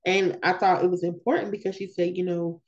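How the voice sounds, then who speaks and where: A woman leads a Bible study in a relaxed, conversational way and drives her points home by repeating key words. Her voice sits a little low and sounds warm and mellow. The recording is dull and lo-fi. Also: brisk. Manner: conversational, with emphatic repetitions. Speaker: women's Bible study leader. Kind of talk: scripture reading with casual commentary.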